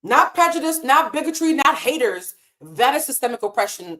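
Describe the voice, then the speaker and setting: A woman's voice: sits high, animated, moderate pace, pushed and bright. A woman hosting a live stream, talking in a casual, impassioned and emotional way and swearing freely. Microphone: desk mic in a hotel room.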